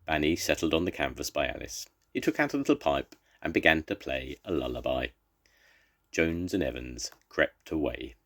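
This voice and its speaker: An older man, a grandfather, reading a children's story aloud in a gentle, expressive way. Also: rumbling low, moderate pace.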